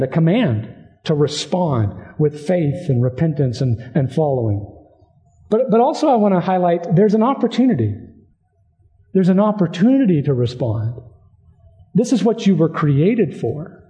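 Male pastor, earnest sermon delivery, repeats for emphasis; slightly high pitch, lo-fi recording. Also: very animated, moderate pace, dark tone.

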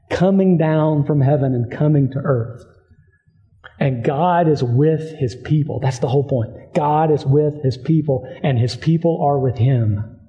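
Male pastor, earnest sermon delivery, repeats for emphasis; slightly high pitch, lo-fi recording.

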